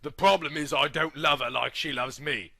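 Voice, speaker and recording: A man voicing a sad young male vampire who is ashamed and close to tears, speaking low and subdued. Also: fairly even intonation, moderate pace, creaky, pushed and bright, exaggerated voice. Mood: miserable.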